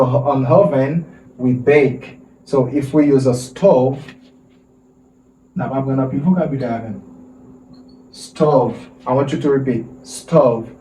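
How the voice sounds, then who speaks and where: Male English teacher, slow repetitive drilling, echoey far-off mic with faint hiss. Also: medium pitch, mellow. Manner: slow drilling, repeats words and asks for repetition. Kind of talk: vocabulary lesson for Haitian Creole and French speakers. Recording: roomy, distant mic with faint noise.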